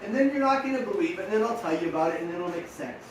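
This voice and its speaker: Middle-aged male coach, high-pitched, energetic motivational talk, recorded far off in a reverberant hall. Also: very fast, a little hiss or hum. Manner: energetic, rhetorical questions to the audience. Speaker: sports mental coach. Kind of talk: motivational talk to young riders. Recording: echoey room, mic at a distance.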